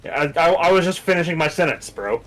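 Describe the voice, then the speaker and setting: A man's voice: on the high side, lively intonation, quick pace, fairly bright tone, faint music behind. A man playing a co-op game on a stream, in casual banter, teasing his partner and reading out item names.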